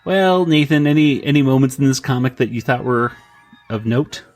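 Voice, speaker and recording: A man's voice: mid-range voice, lively intonation, moderate pace, soft background music. A man co-hosting a podcast, casually recapping a comic and acting out the characters' lines in raised voices, with many fillers. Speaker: podcast co-host.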